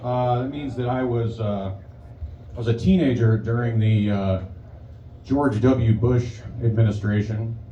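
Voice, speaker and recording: A man's voice: mid-range voice, unhurried, warm tone, muffled recording. Rambling forty-something male stand-up comic. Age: 40s. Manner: rambling, hesitant, profane, lots of ums. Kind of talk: stand-up comedy set. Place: bar comedy stage. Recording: echoey live bar, distant mic, crowd noise. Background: crowd, ambience.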